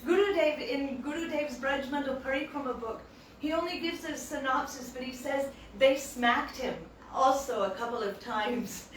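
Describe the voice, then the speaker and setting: A woman telling a devotional tale in an animated way, acting out the quotes, recorded in a temple hall. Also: sits high, normal speed, a little hiss or hum. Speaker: devotional storyteller. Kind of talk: devotional storytelling talk. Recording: echoey hall, distant mic.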